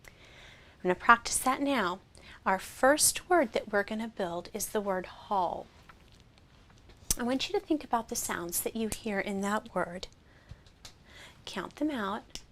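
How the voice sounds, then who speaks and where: A woman teaching a phonics lesson, sounding out vowels slowly and clearly and praising the listener. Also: medium pitch, animated, slight background noise. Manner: slow, clear, encouraging, sounds out each vowel.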